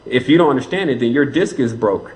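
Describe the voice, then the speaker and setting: A man's voice: medium pitch, fast talker, poor audio. A man being interviewed as a spiritual teacher, answering in an earnest, rambling way and laughing often.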